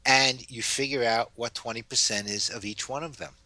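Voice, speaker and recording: A man, giving advice as a guest in a casual interview and telling stories with lively energy. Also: medium pitch, normal speed, dry recording. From New York. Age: 70s. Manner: animated storyteller. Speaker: guest author.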